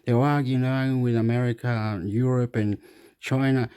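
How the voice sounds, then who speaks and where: A man's voice: medium pitch, fairly even intonation, moderate pace, warm tone, clean tone. A man giving rambling, repetitive casual commentary on the news, swearing and acting out what others said.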